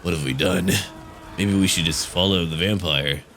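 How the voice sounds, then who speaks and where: A man voicing dismayed human soldiers in a hushed, regretful way. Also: low-pitched, normal speed, a little hiss or hum. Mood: remorseful.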